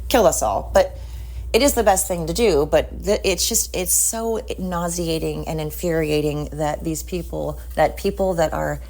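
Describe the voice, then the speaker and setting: A woman's voice: sits low, darkish tone. A woman hosting a podcast, talking in a heated, blunt rant and swearing often. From United States. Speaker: podcast host. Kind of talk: casual ranting monologue.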